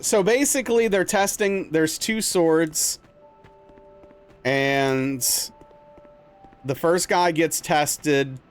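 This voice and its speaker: Chatty young streamer guy, fairly high voice. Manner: rambling, animated storytelling with lots of "dude" and "like". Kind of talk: casual chat while playing a game live.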